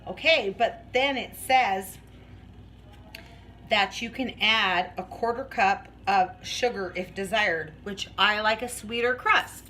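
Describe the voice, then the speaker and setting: A woman's voice: medium pitch, slow, bright, forceful tone, slight background noise, low-quality recording. A woman vlogging as she bakes in her home kitchen, chatting in a rambling way and laughing often. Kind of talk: casual chat while baking.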